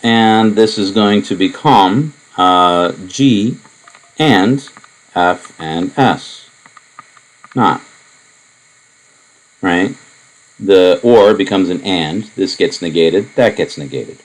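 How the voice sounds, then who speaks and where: A man lecturing on propositional logic, explaining in a relaxed, wandering way with many asides and fillers. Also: deep voice, drawn-out words, long pauses, poor audio. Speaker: math lecturer. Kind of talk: recorded lecture.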